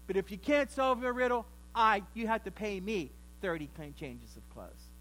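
A man's voice: sits high, lively intonation, normal speed, a bit bright, slight background noise, rough recording. Cocky boastful strongman as a man plays him. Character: cocky, arrogant strongman groom.

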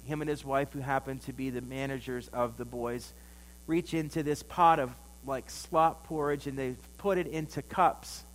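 Man preaching in a reverberant hall. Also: a little high. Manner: storytelling, building to emphatic peaks. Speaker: pastor. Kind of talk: sermon.

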